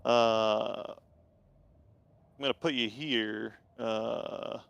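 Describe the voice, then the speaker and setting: Clear-voiced man running a tabletop game. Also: mid-range voice, steady tone, fairly bright tone, no echo. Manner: casual, halting with fillers. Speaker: game master.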